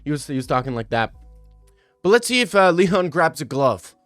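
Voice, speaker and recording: A young man in his twenties giving casual, animated and mocking commentary over fight replays. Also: a little high, normal speed, no echo, faint music behind. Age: 20s. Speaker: video commentator.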